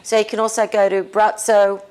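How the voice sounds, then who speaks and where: A woman spiritual teacher talking casually and leading a guided meditation, relaxed and often laughing. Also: mid-range voice, smooth. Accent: non-American English. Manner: slow, relaxed, with frequent laughs.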